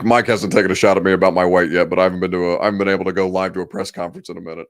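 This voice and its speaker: A man's voice: low voice, level tone, rapid-fire, hardly any pauses. A man hosting a casual sports talk show, joking about himself and breaking into mock rants. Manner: self-deprecating, jokey, ranting.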